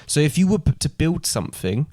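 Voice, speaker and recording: A man's voice: a little high, sing-song, a little fast, a little mellow, no room sound, clean studio sound. A man co-hosting a casual podcast, explaining ideas at length and thinking aloud. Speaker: podcast co-host. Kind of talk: casual chat.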